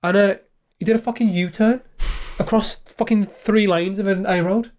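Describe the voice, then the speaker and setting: A man's voice: high-pitched, fairly even intonation, normal speed, darkish tone. A man co-hosting a podcast, teasing his co-host and swearing freely in casual chat.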